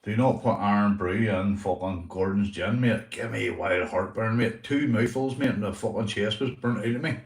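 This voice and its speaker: A man's voice: fairly low pitch, normal speed, hardly any pauses. A Northern Irish man hosting a casual livestream chat, rambling and swearing, calling everyone mate. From Northern Ireland. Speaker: livestream host. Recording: echoey room, mic at a distance.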